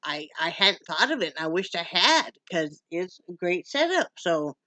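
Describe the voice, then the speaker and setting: A woman's voice: fairly low pitch, sing-song, moderate pace, bright, forceful tone, dry recording. A middle-aged woman from Wyoming chatting casually in a home vlog, laughing often and cooing to her dog. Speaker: vlogger.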